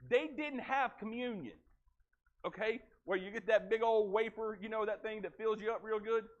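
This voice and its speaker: A man preaching a sermon in a church, telling the story in a folksy, animated way. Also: sits high, moderate pace, highs cut off. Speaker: pastor. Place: church sanctuary.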